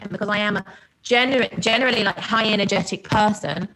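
A woman's voice: medium pitch, a little fast, a bit bright. A woman with an English accent, chatting as a podcast guest in a self-deprecating, talkative way. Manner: chatty and self-deprecating, slips into playful put-on voices. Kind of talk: casual chat.

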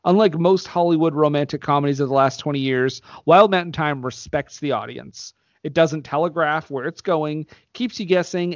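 A man's voice: a little high, dry recording. Dry, sarcastic man on a podcast. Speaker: podcast co-host reviewing films. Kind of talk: casual chat reading listener reviews. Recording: dry, slightly dull lo-fi audio.

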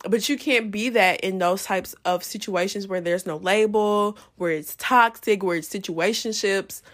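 A young woman hosting a podcast, telling a personal story in a casual, profane, animated way and jumping into loud re-enacted quotes. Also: mid-range voice, unhurried. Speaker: podcast host.

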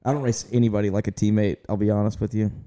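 A man's voice: fairly low pitch, little pitch movement, racing, dark tone. A man co-hosting a podcast, talking bluntly and jokingly in casual chat.

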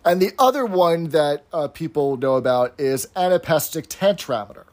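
A man's voice: fairly high pitch, animated, moderate pace, a little mellow. A man co-hosting a casual chat, explaining things patiently with frequent fillers and easy laughter. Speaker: podcast co-host.

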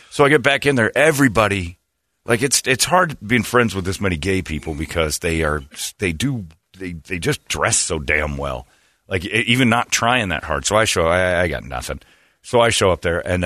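A deep-voiced man spins a rambling, comic story on a talk show. His tone is bright and his pitch swings widely. He keeps cutting himself off and laughing at his own lines, and the sound is dry and close. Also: no room sound. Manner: rambling, self-interrupting, laughs at own jokes. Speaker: radio show host. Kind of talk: comedic storytelling banter.

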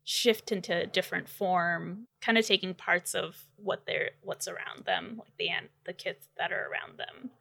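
Husky, giggly woman player. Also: fairly low pitch, fairly even intonation, normal speed, hardly any pauses, fairly bright tone. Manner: giggly, playful. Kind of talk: tabletop game play, casual.

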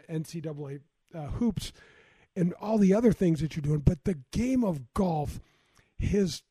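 A man hosting a casual interview, who talks in an excitable and enthusiastic way. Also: sits high, slightly rough, no echo. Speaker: podcast host.

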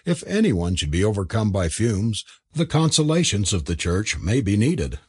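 A man's voice: lowish voice, sing-song, moderate pace, a little mellow, breathy edge, dry recording, studio quality. A man voicing a prim, flustered young male curate who stammers when cornered. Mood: eager.

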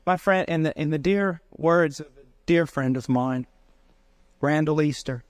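Middle-aged preacher guy, high voice, fired-up sermon storytelling, dry close sound. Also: unhurried, no echo. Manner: impassioned storytelling, rising to emotional peaks.

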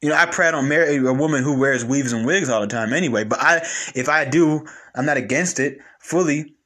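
Bright-voiced blunt man, animated monologue. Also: medium pitch, brisk. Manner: blunt and animated, full of slang and repetition. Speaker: commentator. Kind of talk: casual monologue on relationships.

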